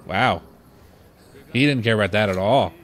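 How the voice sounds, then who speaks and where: A man's voice: fairly low pitch, moderate pace, slight background noise. A man co-hosting a let's play, chatting casually with dry, teasing corrections. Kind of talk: casual gameplay commentary.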